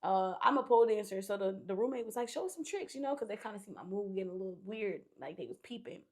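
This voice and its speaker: A woman's voice: mid-range voice, quick pace, darkish tone. A young woman, a podcast guest, telling a story in casual chat, candid and profane, acting out what people said.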